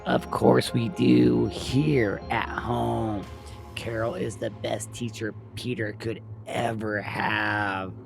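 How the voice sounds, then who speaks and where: A man voicing a defensive, controlling mother who snaps and yells at a visitor. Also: mid-range voice, little pitch movement, takes it slowly, gravelly, music in the background. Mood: sweetly firm. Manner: yelling, indignant.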